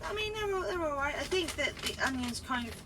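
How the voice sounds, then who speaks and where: A woman's voice: high-pitched, expressive, fairly quick, background noise. A woman chatting casually while gardening and squealing with delight at each find, filmed on a GoPro outdoors. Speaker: gardening vlogger. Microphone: GoPro camera.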